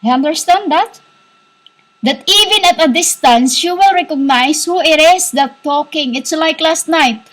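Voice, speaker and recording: A woman giving a rambling spiritual monologue, halting and repetitive, scolding her listeners as "humans". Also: sits high, a bit bright, low-quality recording. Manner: scolding, insistent. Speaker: self-styled spiritual teacher.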